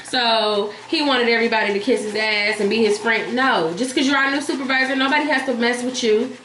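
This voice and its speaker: A woman vlogger telling a story in casual, animated chat, blunt and profane, talking straight to her viewers. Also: a little high, fairly quick. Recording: echoey room with faint hiss.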